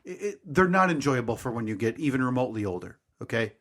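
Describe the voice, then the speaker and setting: A man's voice: medium pitch, big pitch swings, fast, a bit bright. A man in his thirties co-hosting a podcast, telling a long story in a casual, rambling, self-mocking way. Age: 30s. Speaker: podcast co-host.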